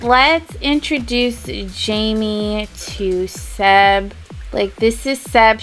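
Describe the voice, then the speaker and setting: Slow-talking chatty woman gamer. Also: fairly high pitch, a bit bright, rough recording. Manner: chatty, giggly, unhurried. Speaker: let's-play host. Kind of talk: casual gameplay commentary.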